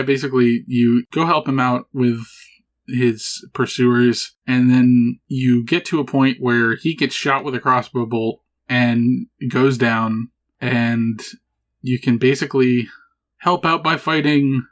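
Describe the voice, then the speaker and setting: A man co-hosting a podcast in casual chat, laid-back, laughing often and swearing casually. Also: medium pitch. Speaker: podcast co-host. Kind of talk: casual chat about a video game.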